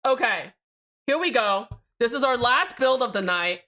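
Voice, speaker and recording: A woman's voice: on the high side, expressive, normal speed, pushed and bright. A young woman streaming live, chatting loosely with her viewers and swearing freely while she builds a keyboard. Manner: chatty, rambling, swears freely, addresses chat directly. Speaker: livestreamer.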